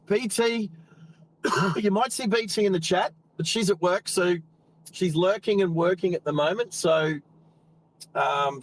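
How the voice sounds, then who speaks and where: A man's voice: fairly high pitch, a bit bright, slight background noise, rough recording. An Australian man hosting a live driving stream, chatting casually and rambling while he drives and greets viewers by name.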